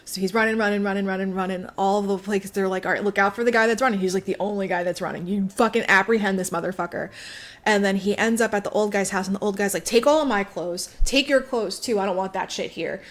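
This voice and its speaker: Woman podcast co-host, casual and profane, animated storyteller, mid-pitched. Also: fast, hardly any pauses. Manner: chatty, swearing, acts out characters' lines with big jumps in pitch. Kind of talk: casual chat, retelling a book plot.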